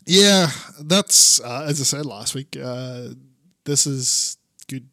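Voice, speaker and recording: A man's voice: medium pitch, animated, takes it slowly, bright, forceful tone, dry recording, studio quality. A man co-hosting a podcast, chatting casually and rambling about wrestling, swearing and laughing often. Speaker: podcast co-host.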